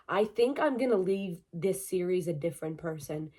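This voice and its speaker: A woman's voice: on the low side, normal speed, hardly any pauses, slightly rough. Gushing, shrieking young woman book vlogger. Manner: effusive, squealing and shrieking with excitement. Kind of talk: gushing book review vlog.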